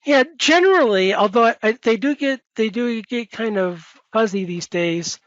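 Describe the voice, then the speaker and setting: A high-pitched man gives advice as a professor in a webinar Q&A, talking casually and correcting himself often. The sound is dry, with no room echo, and slightly muffled, as over a video call. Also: lively intonation, moderate pace, a bit bright. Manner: conversational, with many fillers and self-corrections.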